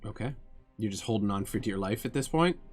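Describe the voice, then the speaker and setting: Game master, male, lower voice, descriptive narration over faint music. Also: expressive, a little fast. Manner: descriptive, with filler restarts.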